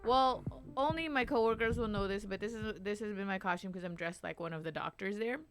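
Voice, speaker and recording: A woman hosting a podcast, chatting casually and quickly, often laughing. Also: mid-range voice, soft background music. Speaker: podcast host. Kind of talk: casual chat.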